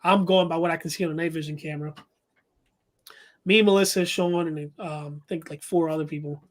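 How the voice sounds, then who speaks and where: A man's voice: a little high, steady tone, a little fast. A man telling a story as a guest paranormal investigator, talking casually with many fillers and restarts.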